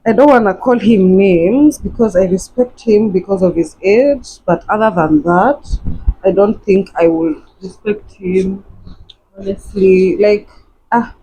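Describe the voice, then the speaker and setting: A woman's voice: medium pitch, unhurried, warm tone, a little hiss or hum, poor audio. Chatty young woman vlogging at home. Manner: chatty, rambling, repeats herself, talks to viewers as friends. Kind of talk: casual chatty vlog. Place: at home getting ready.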